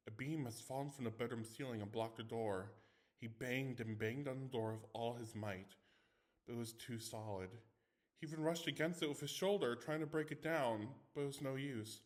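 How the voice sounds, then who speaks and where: Man reading a ghost story aloud. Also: medium pitch. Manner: dramatic first-person reading with small stumbles. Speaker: story reader. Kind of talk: reading scary stories aloud.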